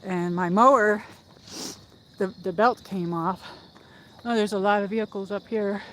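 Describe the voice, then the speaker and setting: A livestream host walks uphill through a park, chatting casually and rambling while out of breath. Her mid-range voice is a little slow, and the low-quality phone recording carries slight background noise.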